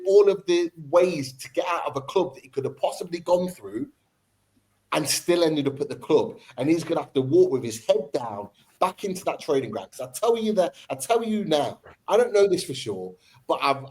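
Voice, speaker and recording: A man's voice: on the high side, mellow, low-quality recording. A man hosting a football fan podcast, debating with passion and repeating his points for emphasis.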